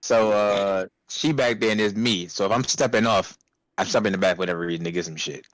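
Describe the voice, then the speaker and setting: A young man casually telling a profane, animated story about a fast-food job, acting out customers' voices. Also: lowish voice, no echo. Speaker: podcast co-host.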